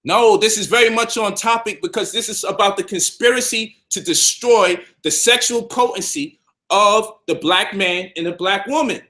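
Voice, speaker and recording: High, bright New man preaching. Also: moderate pace. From Brownsville, Brooklyn, New York. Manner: emphatic and combative, repeats points for stress. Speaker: health and conscious-community speaker. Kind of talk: preachy monologue to camera.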